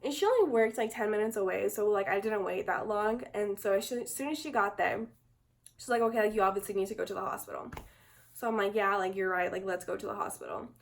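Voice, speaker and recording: A woman's voice: mid-range voice, brisk, gravelly. A young woman telling a personal story in a casual, chatty way, filling nearly every phrase with "like". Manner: chatty, says "like" constantly. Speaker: vlogger.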